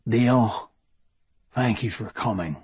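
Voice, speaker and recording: A meek, slender Fae man speaks in a low, hushed Welsh lilt, unhurried and full of quiet wonder, as an audiobook narrator puts him on. The voice is husky and sits lower than the narrator's own, recorded close and dry. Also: dry recording, heavily acted. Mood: formal. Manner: slow, hushed, wondering delivery. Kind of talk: audiobook character voice.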